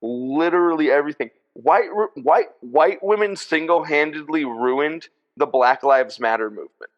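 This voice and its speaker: A man's voice: fairly high pitch, normal speed, dull audio. A young man co-hosting a comedy podcast, riffing emphatically and laughing often. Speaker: podcast co-host. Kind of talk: casual comedic banter.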